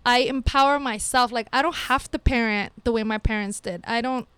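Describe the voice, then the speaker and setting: A woman in her thirties with a notably high, smooth and crisp voice speaks earnestly about raising her kids. She talks with emphatic conviction, slipping in Spanish phrases. The sound is close and dry, with no room echo. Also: a little fast, a bit bright. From Mexico-linked, schooled partly in Mexico. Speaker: mother of young children, co-host. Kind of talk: casual chat.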